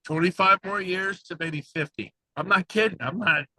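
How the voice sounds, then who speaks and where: A man talking with high energy and excitement on a video call from the passenger seat of a car, rambling and fired up. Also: moderate pace, no echo, poor audio. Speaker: guest speaker, real estate agent coach.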